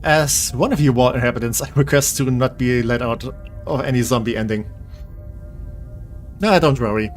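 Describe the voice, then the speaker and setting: A man's voice: mid-range voice, moderate pace, long pauses, soft background music. A man live-streaming a game, tired and rambling as he jokes with his chat in a self-deprecating way.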